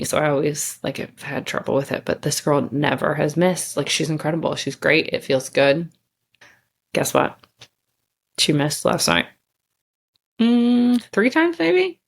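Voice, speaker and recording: A woman's voice: low-pitched, vocal fry. A woman hosting her own show, telling a candid, chatty story and swearing casually. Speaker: podcast host.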